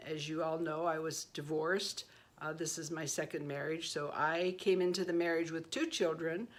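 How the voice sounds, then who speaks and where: A woman in her sixties chatting casually on her vlog, self-deprecating and quick to laugh at herself, telling stories with playful asides. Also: on the low side. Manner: warm storytelling with playful asides. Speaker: beauty vlogger. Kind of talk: casual personal vlog chat.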